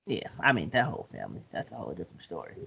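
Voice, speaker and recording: Lively, animated podcast co-host. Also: male voice, rapid-fire, gravelly, husky. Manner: animated, laughing, acts out scenes in high put-on voices. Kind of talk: casual chat.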